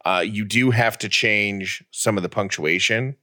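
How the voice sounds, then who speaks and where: A man with a low, bright, clear-edged voice co-hosts a relaxed chat show. He talks casually and slips in dry jokes. His delivery stays easygoing and conversational. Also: a little slow. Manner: dry, joking. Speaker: podcast co-host.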